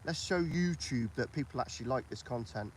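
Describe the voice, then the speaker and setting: A man's voice: mid-range voice, expressive, fairly quick, slight background noise. A British man hosting a casual political chat on a livestream, repeating himself and asking for agreement. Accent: British English. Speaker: livestream host.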